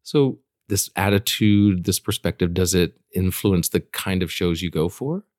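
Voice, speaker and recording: Low-voiced male podcast host. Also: a little slow, a little mellow, no room sound, clean studio sound. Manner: friendly, conversational, sums up the guest's views. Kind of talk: interview conversation.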